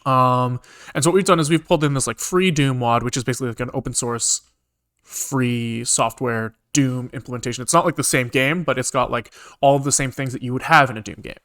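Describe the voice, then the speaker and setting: A man's voice: mid-range voice, fairly quick, a bit bright. A man casually explaining his programming work on a live stream, talking loosely and thinking aloud with lots of filler words.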